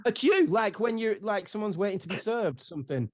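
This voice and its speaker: A man's voice: high-pitched, animated, a little fast, no echo, lo-fi sound. A young English man, a podcast guest, ranting loosely and swearing freely in casual chat. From England.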